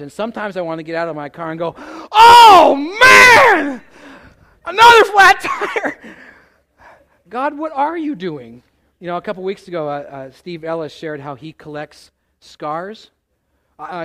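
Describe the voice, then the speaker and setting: A middle-aged male pastor preaching a sermon, animated, asking the congregation questions and acting out exasperated outbursts. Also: fairly high pitch, normal speed. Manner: animated, acts out exasperated voices with loud outbursts.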